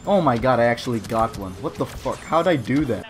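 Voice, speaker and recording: A young man giving lively, sarcastic commentary over his own gameplay, boasting in jest and swearing freely. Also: medium pitch, a little fast, faint music behind. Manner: mock-boastful, jokes about himself. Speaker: gaming video creator.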